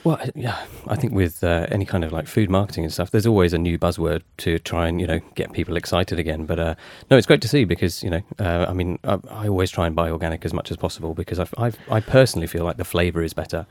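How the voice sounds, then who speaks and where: A man's voice: low voice, fast talker, few pauses, a little mellow, no echo, clean studio sound. A man co-hosting a radio show, getting over a cold, easygoing and rambling with hesitations. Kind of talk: casual radio chat.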